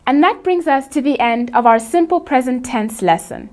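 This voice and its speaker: A woman teaching an English grammar lesson, explaining rules in a clear, measured way and reading out example sentences slowly and carefully. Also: high voice, expressive, a little mellow.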